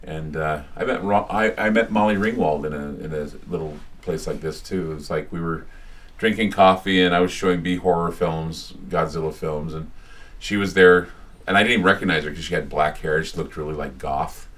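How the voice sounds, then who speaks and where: Low-voiced male radio host, chatty and rambling, recorded live from a distance in a small shop. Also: normal speed, a bit bright. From United States. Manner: rambling, chatty storyteller with many restarts. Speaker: radio host giving a talk. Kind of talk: casual public talk with anecdotes. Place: small bookstore, indoors.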